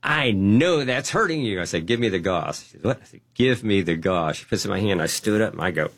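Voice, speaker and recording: A man telling his testimony as a guest, acting out the dialogue with animated energy. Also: deep voice, fast, vocal fry. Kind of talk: testimony storytelling.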